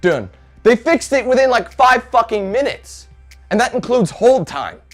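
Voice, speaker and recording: A young man with a rather high voice delivers a furious, profanity-laden rant straight to camera. He swears constantly and bursts into loud outbursts. Faint music sits quietly behind him. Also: big pitch swings, measured pace. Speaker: gaming video creator.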